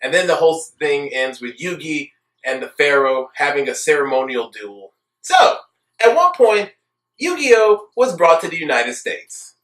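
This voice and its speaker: Young male anime reviewer, higher-pitched, sarcastic and emphatic casual rant, echoey room sound. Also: big pitch swings, unhurried, a bit bright. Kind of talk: casual ranting commentary.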